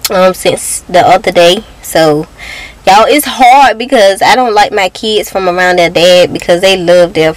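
A woman's voice: mid-range voice, low-quality recording. A young woman speaks straight to her phone camera from her car. Her talk is loose and casual, sprinkled with "y'all," and she keeps holding back tears as she goes on. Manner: emotional, near tears, addresses viewers as y'all. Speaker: vlogger. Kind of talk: casual personal vlog.

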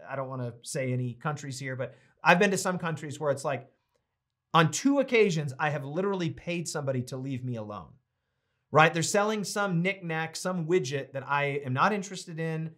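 This American Bible teacher leads a casual study, reading passages aloud and slipping chatty, anecdotal stories in between. His voice is fairly high-pitched with a fairly bright tone.

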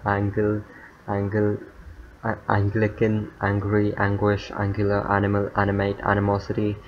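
Monotone man reading a word list. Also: on the low side, measured pace. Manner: monotone word list with fillers, stumbles and muttered asides. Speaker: youtuber. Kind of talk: reading dictionary words aloud. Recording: dull lo-fi mic with faint noise.

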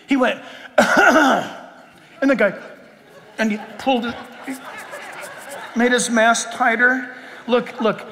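Man, pastor, very high voice, impassioned sermon, long hall reverb. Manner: impassioned preaching, shouting at high points.

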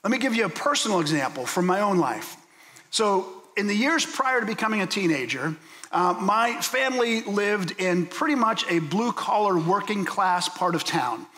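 Pastor guy from pittsburgh preaching, tells stories, asks the crowd stuff, bit of a high voice. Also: expressive, moderate pace, bright, forceful tone. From Pittsburgh, USA. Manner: storytelling, asking the listeners questions. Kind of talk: sermon. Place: church sanctuary. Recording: long hall reverb.

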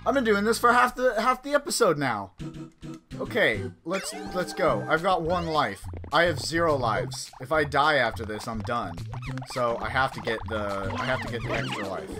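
A man giving gameplay commentary, excitable and quick to yell in frustration before muttering again. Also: fairly high pitch. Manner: excitable, swings between muttering and frustrated shouting. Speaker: let's play host. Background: game music.

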